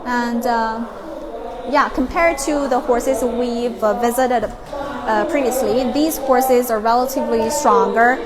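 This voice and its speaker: Woman, slow unhurried talk, slightly high voice, noisy outdoor ambience. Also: steady tone. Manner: chatty, playful, switches between English and Mandarin. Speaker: travel vlog host. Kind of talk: casual on-location chat. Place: outdoors at a horse farm.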